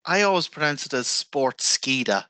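Bright, jokey male co-host. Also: mid-range voice, moderate pace, no echo. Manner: jokey, animated storyteller. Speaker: radio co-host. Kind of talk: casual chat.

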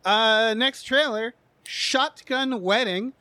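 A man's voice: very high-pitched, slow pace, bright, forceful tone, dry recording. A man co-hosting a podcast, chatting casually about movie trailers with many restarts and fillers. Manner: rambling, frequent restarts and fillers. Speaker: podcast co-host.

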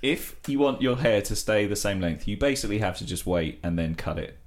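A man co-hosting a comedy podcast, rambling in deadpan improvised chat. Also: on the low side, brisk. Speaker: podcast co-host.

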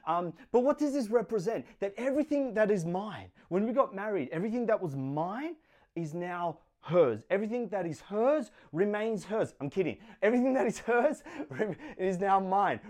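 A man's voice: high voice, sing-song, normal speed, darkish tone. A young adult man preaching a sermon in an earnest, conversational way, with playful asides.

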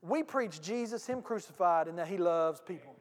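A pastor with a notably high voice tells a story from the pulpit, folksy and animated, talking straight to his congregation. His voice rings out with a long reverb from a big church hall. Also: normal speed. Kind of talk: storytelling sermon. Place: church sanctuary.

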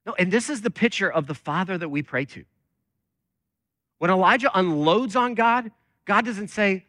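Bright-voiced man preaching, conversational. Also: sits high, measured pace, long pauses, no echo. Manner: conversational, animated preaching with many fillers. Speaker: lead pastor. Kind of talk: sermon.

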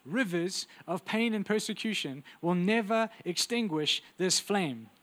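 A man preaching a sermon with intense, urgent delivery that drops to quiet, intimate asides. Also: high-pitched, animated, measured pace.

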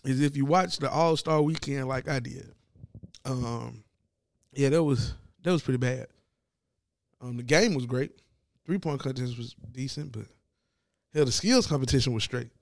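A man giving a casual, profane sports commentary rant, animated and mocking as he talks. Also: medium pitch, normal speed, vocal fry, pauses often, dry recording, studio quality.

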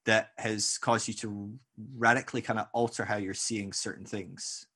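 A man's voice: lowish voice, normal speed, husky. A Scottish man hosting a podcast interview, talking casually and animatedly and laughing often. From Scotland. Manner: animated, laughs often, quotes himself in mock voices. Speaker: podcast host.

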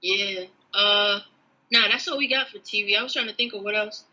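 A woman co-hosting a podcast in casual chat, with a laid-back, drawn-out way of retelling stories. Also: mid-range voice, sharp tone, poor audio. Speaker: podcast co-host.

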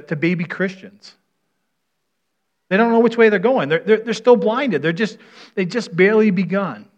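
A middle-aged man preaching a conversational sermon, telling stories in a folksy way and often restarting or repeating words. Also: fairly high pitch. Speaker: pastor. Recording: dull lo-fi sound.

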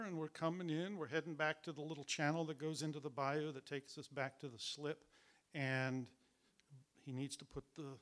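A man's voice: a little high, fairly bright tone. A middle-aged man telling a personal story in a chatty way, laughing now and then and acting out what people said. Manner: chatty, laughing as he tells it, acts out the voices.

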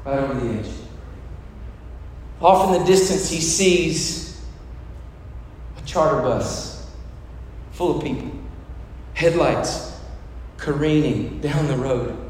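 A man's voice: fairly high pitch, slow pace, long pauses, darkish tone. Man, pastor, sermon, dramatic storytelling, very echoey room, faint background noise. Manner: dramatic storytelling, acting out voices.

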